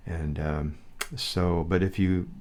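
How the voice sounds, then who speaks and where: Older man with a very deep voice. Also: slow. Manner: steady, thoughtful, plain-spoken. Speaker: podcast co-host, husband. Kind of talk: candid conversational podcast.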